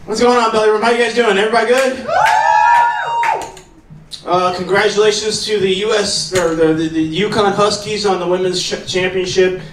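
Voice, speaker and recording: A man's voice: high voice, fairly even intonation, normal speed. Man, comedy host, rambling, stumbles over words, live club, noisy roomy sound, far from the mic. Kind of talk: stand-up comedy.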